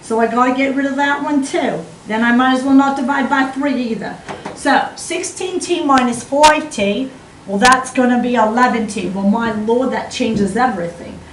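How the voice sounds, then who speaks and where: A joking Australian-sounding teacher, as a woman puts her on, with a high voice that keeps tossing in "mate" while working through an equation. The sound is roomy and distant. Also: normal speed, background noise, lightly acted. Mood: jokey. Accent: Australian, put on. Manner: jokey, calls students "mate". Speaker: math teacher. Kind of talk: math lesson in a put-on accent.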